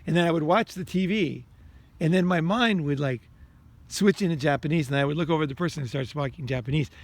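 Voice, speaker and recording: A man's voice: fairly high pitch, quick pace. A man talking to his viewers in a casual, rambling monologue, blunt and emphatic, swearing often and restarting his sentences. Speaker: vlogger.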